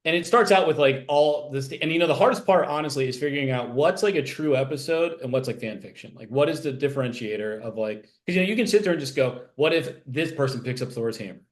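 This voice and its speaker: This interview guest, a man who writes TV animation, talks fast and expressively in a fairly high-pitched voice, barely pausing. The conversation is casual, and he rambles about his writing, full of fillers and restarts.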